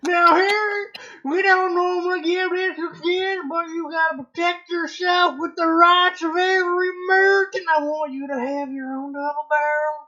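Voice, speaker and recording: A man putting on a loud caricature of a barefoot hillbilly with a shotgun, shouting in a high twang. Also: steady tone, moderate pace, hardly any pauses, highs cut off, exaggerated voice. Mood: hollering.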